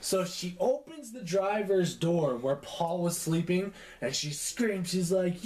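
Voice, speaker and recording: A man's voice: high voice, expressive, slow pace, few pauses, a little mellow. A young man telling a profane story in casual chat, acting out the quotes. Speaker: podcast co-host. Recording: echoey room with faint noise.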